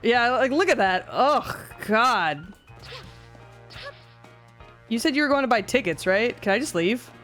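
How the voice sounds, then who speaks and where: A young woman streaming a video game in a casual, animated way, giggling, swearing and reading dialogue aloud on a desk mic. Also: fairly high pitch, unhurried, pauses often. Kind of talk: casual let's-play commentary. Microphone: desk mic with webcam. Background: faint game music.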